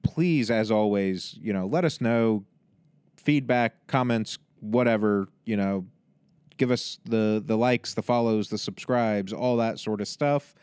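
A man's voice: on the low side, unhurried, a little mellow, smooth, no room sound. A man hosting a podcast, wrapping up the episode in a loose, rambling way with plenty of fillers. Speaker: podcast host. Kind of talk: casual outro address to listeners.

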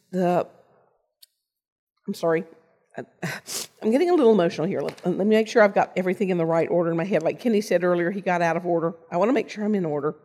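An older woman giving a personal storytelling sermon, earnest, with pauses and restarts. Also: medium pitch, darkish tone. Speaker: lay preacher and teacher. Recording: long reverb of a large hall.

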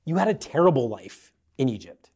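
A man preaching a sermon, swinging between forceful emphasis and quiet, hushed appeals to the listener. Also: medium pitch, very animated, fairly quick, slightly rough.

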